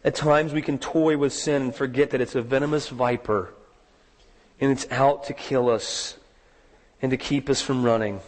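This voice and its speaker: A man preaching a sermon, telling a story with rising dramatic emphasis and slowing down on key words. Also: mid-range voice, steady tone, in a large hall. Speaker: pastor.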